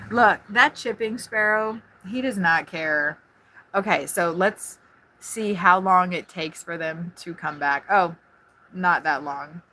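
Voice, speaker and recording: A woman live-streaming from inside her RV on a phone propped on a tripod, chatting quickly and jumping from one thing to the next. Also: on the low side, a little hiss or hum. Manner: fast, scattered, excitable chatter. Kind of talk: casual live-stream chat. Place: inside an RV at a campground.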